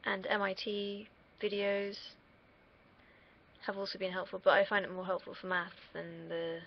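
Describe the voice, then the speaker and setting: A woman's voice: mid-range voice, flat delivery, moderate pace. A young woman from the United Kingdom, rambling candidly in a casual solo livestream and swearing freely. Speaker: streamer. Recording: dull lo-fi mic.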